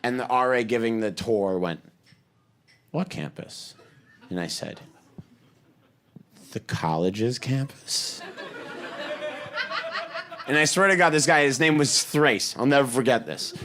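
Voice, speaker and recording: A man doing a stand-up comedy set on a theater stage, telling stories in a quick, animated way with a handheld mic. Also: medium pitch. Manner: quick, animated storytelling with acted-out voices. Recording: live stage recording with audience noise.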